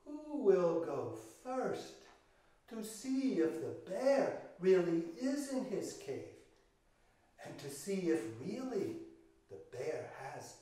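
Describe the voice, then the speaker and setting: An older man with a high voice tells a children's story at a slow, unhurried pace, full of drama and speaking straight to his young listeners. He sounds set back from the mic in a very echoey room. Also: sing-song, mellow, recorded from a distance. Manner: dramatic, with gasps and sung chants, speaking directly to the listeners.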